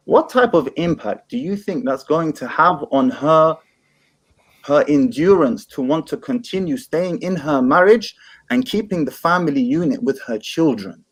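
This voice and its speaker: A man's voice: a little high, animated, unhurried. A man in a heated online debate, pressing his opponent and repeating his question.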